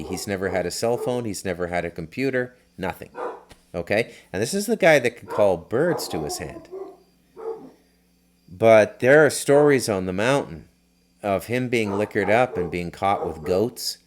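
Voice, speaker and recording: A man's voice: on the low side, animated, moderate pace, noisy background. A middle-aged man hosting a podcast, telling loose, rambling stories with lots of fillers and restarts. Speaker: podcast host. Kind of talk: casual storytelling.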